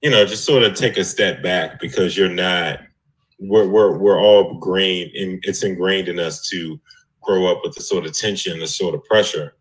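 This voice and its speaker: A man from the United States on a discussion panel, telling his story in a relaxed way with small laughs. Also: sits low, normal speed, low-quality recording.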